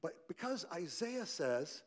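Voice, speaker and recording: A male pastor preaching a sermon, swinging from loud emphasis to quiet softness and asking the congregation direct questions. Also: fairly high pitch, big pitch swings, slow.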